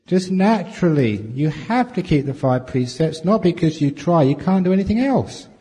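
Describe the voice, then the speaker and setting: A man's voice: on the high side, expressive, moderate pace, warm tone. A man giving a humorous dharma talk as a meditation teacher, answering questions with jokes and chuckles. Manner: playful, jokey storytelling with chuckles. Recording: long reverb from a large hall.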